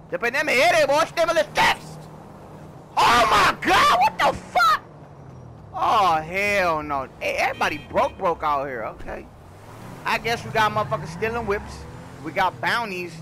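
A man giving loud, animated, slang-filled commentary while playing a video game, swearing often. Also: high-pitched, background noise. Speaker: gaming YouTuber. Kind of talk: casual gameplay commentary.

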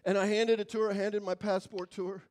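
A man preaching as a guest speaker in church, telling stories dramatically, swinging from loud to hushed. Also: high voice, flat delivery, fast talker. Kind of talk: sermon storytelling.

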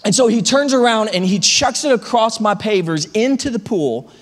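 A male pastor with a high voice tells a funny story from the pulpit in an animated way, tripping over repeated words. A long reverb rings through the church sanctuary behind him. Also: normal speed. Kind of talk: storytelling sermon.

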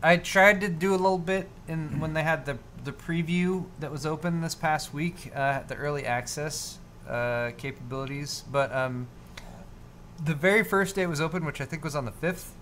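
A man's voice: on the high side, normal speed, fairly bright tone, a little hiss or hum. A man co-hosting a live tech stream, chatting casually and rambling, with lots of fillers and restarts. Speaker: co-host of a live tech show.

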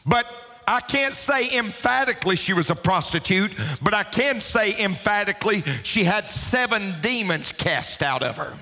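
Emphatic preacher in a reverberant church. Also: male voice, sits high, lively intonation, normal speed. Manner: emphatic preaching, rising to shouts; repeats key lines for emphasis. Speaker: pastor. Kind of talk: sermon. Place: church sanctuary. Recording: long reverb of a church hall.

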